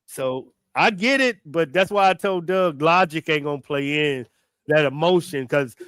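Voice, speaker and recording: A man with a fairly high voice speaks as a guest on a casual panel, dry and close to the mic. He is animated and emotional, with loose slangy phrasing and frequent laughter. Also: a little slow, clean tone, dry recording.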